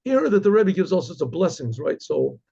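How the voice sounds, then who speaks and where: A male rabbi tells a story in a loose, halting way and keeps clearing his throat. His voice is fairly high for a man, gravelly and husky. The recording is dull and lo-fi. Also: very animated, dark tone. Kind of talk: oral storytelling.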